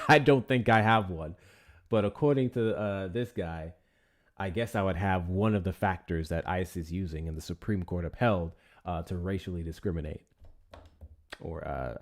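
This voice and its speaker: A man from the United States hosting a political livestream, chatting loosely with viewers and swearing freely. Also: sits low. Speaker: livestream host. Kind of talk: casual livestream chat.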